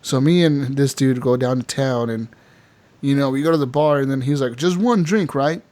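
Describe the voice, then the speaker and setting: A young man co-hosting a casual gaming podcast tells a story animatedly, laughing a lot and acting out the characters' lines. His voice is medium-pitched, at a moderate pace.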